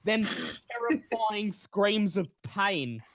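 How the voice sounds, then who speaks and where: A man narrating as game master of a tabletop game over voice chat, lively and descriptive. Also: high-pitched, slow, dry recording.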